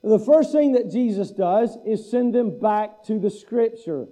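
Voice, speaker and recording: High-voiced preaching man, dark tone. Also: expressive, unhurried, few pauses, low-quality recording. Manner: conversational, self-deprecating preaching. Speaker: pastor. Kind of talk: sermon.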